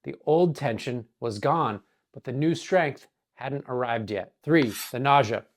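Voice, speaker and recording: Man, hoarse, earnest scripted narration, measured and deliberate. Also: mid-range voice. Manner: measured, earnest, dramatic pauses. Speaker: wellness coach.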